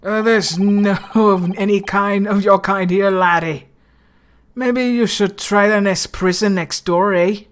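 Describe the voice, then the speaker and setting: A woman voicing a big, gruff male prison governor in a clumsy put-on Scottish burr, brusque and dismissive. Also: lowish voice, moderate pace, close to an everyday voice.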